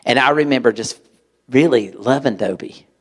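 A man preaching to a live audience, telling a personal story in an animated way and acting out voices. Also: medium pitch, normal speed, slightly rough. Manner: animated, acts out voices, sudden loud outbursts. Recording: long hall reverb.

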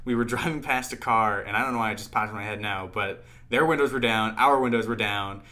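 A man's voice: lowish voice, brisk, pushed and bright. A young man chatting casually as a podcast co-host, rambling through stories and laughing often. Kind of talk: casual chat.

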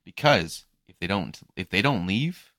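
A man's voice: low-pitched, expressive, unhurried, a bit bright, no echo. A man hosting a podcast, casually retelling a story from his lifeguard job and mimicking the people in it, with some casual swearing. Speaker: podcast host and pool lifeguard.

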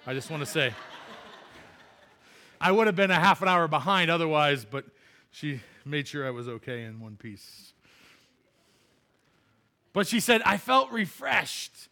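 A man's voice: fairly high pitch, unhurried, pauses often, bright, forceful tone. A man preaching as a pastor, telling a funny personal story in a chatty way and laughing at himself before turning to scripture.

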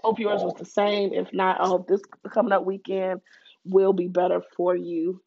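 A woman's voice: lowish voice, flat delivery, normal speed, muffled recording. A woman, hosting a podcast in a casual, heartfelt way and calling listeners baby and honey. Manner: chatty and heartfelt, many fillers, calls listeners baby and honey. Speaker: podcast host. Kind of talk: casual solo chat.

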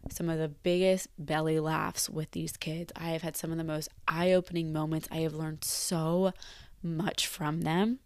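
Young woman, 20s, teacher, low voice, dry close sound; candid, reflective vlog talk with emphatic repeats. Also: smooth, dry recording. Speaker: teacher leaving the profession. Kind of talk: candid personal vlog monologue.

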